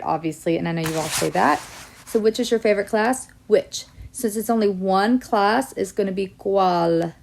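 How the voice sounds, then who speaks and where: A woman's voice: mid-range voice, gravelly, a little mellow. A woman teaching a Spanish lesson to her students, reading out example sentences and explaining each answer step by step. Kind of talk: classroom lesson video.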